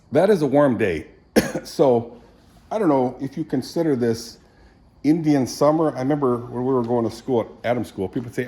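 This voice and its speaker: A man giving a casual, wandering devotional chat to camera, clearing his throat often and tossing in jokey asides. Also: medium pitch, mellow, low-quality recording. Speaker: vlogger sharing faith reflections.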